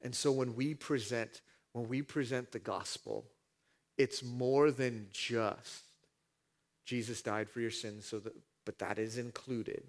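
A man preaching a sermon as pastor, dropping to a hush and then rising to shouts as he acts out scenes from the passage. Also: medium pitch, takes it slowly. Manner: dramatic swings from hushed to shouting, acting out scenes.

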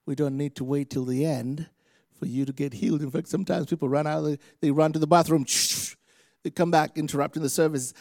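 A man from Africa preaches an animated sermon, his somewhat high voice carrying a gravelly edge. He slips into little acted-out voices of other people as he speaks. The sound is dry, with no room echo. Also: brisk. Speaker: visiting preacher. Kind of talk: lively sermon.

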